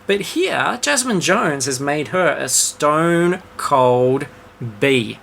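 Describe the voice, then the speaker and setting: A podcast host with a bright, forceful voice, trading sarcastic jokes in a relaxed chat about a book. The delivery is animated, full of exaggerated asides, over a faint hiss of background noise. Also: mid-range voice, slow, vocal fry. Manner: sarcastic, joking.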